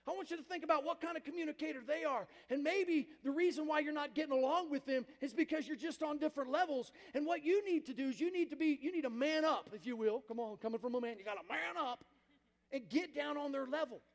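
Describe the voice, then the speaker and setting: A man's voice: very high voice, quick pace. A man preaching a sermon as pastor, emphatic, with call-and-response to the congregation. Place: church sanctuary. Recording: reverberant church hall.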